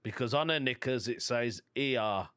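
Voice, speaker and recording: A man's voice: medium pitch, moderate pace, fairly bright tone, clean tone, dry recording. Chatty Brummie man, dry close sound. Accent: Birmingham. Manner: chatty and self-amused, laughs at his own jokes. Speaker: podcast host. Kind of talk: solo comedy podcast, reading jokes aloud.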